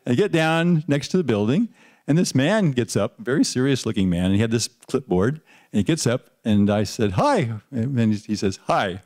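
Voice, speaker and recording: Older guy telling a funny story, mid pitch, chuckles a lot, keeps restarting. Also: moderate pace. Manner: lively storyteller who chuckles and restarts often. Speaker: panel speaker recalling his teaching days. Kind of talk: anecdotal storytelling.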